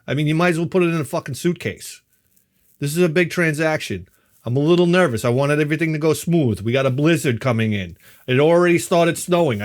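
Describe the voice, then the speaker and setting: A middle-aged man, telling a story in a wry, exasperated and profane way. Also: fairly high pitch. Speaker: vlogger.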